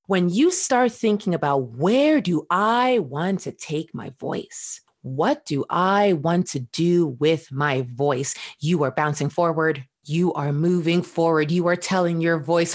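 Woman, lowish voice, emphatic motivational coaching, podcast guest. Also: slow pace, hardly any pauses. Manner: emphatic, coaching, repeats questions. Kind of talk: motivational speaking.

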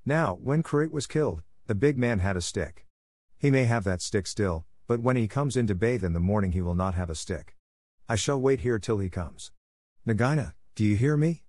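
A man reading a storybook aloud, voicing a big, menacing male cobra who talks in a cold, deliberate way. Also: on the low side, expressive, darkish tone, no echo.

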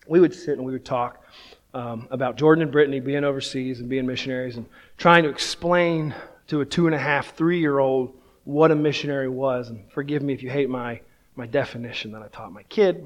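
A man in his thirties, a pastor, preaching a sermon in a casual, self-deprecating storytelling way, often checking in with "right?". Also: mid-range voice.

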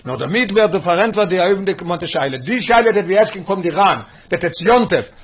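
Fast-talking husky man teaching Torah. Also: high voice. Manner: rapid, mixing English with Hebrew and Yiddish terms, animated questioning. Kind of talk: Talmudic lesson explaining Midrash.

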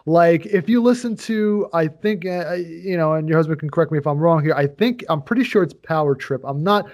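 A man co-hosts a casual chat podcast, his voice somewhat high for a man. He rambles and circles back, stacking fillers and throwing in jokes. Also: fairly quick, a little mellow. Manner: rambling, full of fillers and restarts, jokey. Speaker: podcast co-host.

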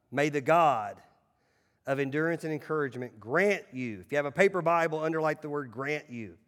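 A male pastor preaching a sermon in a church, emphatic, swinging between loud calls and hushed asides. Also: a little high, big-room sound. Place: church sanctuary.

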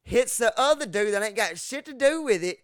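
A man from Texas, telling stories in casual podcast talk, profane and animated, acting out what people said with sudden loud jumps. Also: high-pitched, normal speed, clear, resonant tone. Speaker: podcast host. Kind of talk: casual storytelling.

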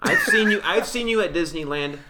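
A man from Texas co-hosting a podcast, joking and animated in casual chat. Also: high-pitched, brisk, very noisy. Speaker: podcast co-host.

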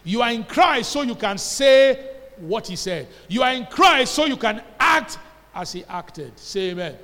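A man's voice: very high voice, expressive, unhurried, bright, forceful tone. A man with a Nigerian accent preaching a sermon as pastor, emphatic and call-and-response, drawing answers from the congregation. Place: church hall. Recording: long church-hall reverb.

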